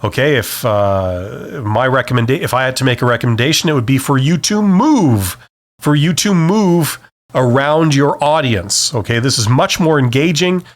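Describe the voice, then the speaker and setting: A man hosts a solo advice podcast, talking unscripted and animated, checking in with "okay?" after most points and shifting volume and speed to demonstrate. His voice is mid-range and his pace moderate.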